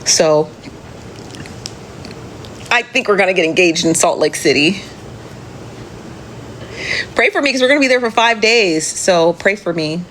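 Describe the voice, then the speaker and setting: A woman's voice: medium pitch, expressive, unhurried, long pauses, a bit bright, a little hiss or hum. A woman hosting a casual live chat, reading viewer comments aloud and answering with chatty, profane, laughing asides. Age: adult. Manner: chatty, profane, laughs often, talks straight to viewers as "friend".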